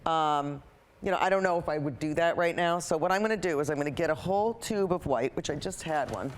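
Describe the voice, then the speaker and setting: A woman's voice: deep voice, fairly quick, slight background noise. Chatty woman with a cold. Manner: rambling, talkative, self-mocking asides. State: has a cold. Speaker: painting instructor. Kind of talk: chatty painting lesson.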